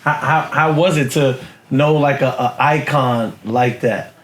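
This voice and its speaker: A man's voice: medium pitch, unhurried, fairly bright tone, slight background noise. Male host in an echoey room. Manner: short backchannel prompts and questions. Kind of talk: casual interview. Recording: echoey room with faint ambience.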